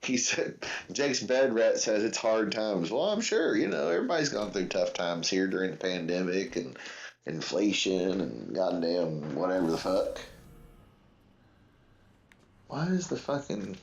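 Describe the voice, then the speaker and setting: A man's voice: low voice, very animated, normal speed, vocal fry, dull audio, slight background noise. A man hosting a livestream watch-along, chatting casually in a rambling, profane way with lots of fillers. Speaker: livestream host.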